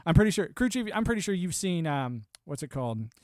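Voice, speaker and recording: A man's voice: fairly high pitch, sing-song, brisk, darkish tone, no room sound, studio quality. A young man hosting a livestream, rambling sardonically through a casual political rant and swearing freely. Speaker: livestream host.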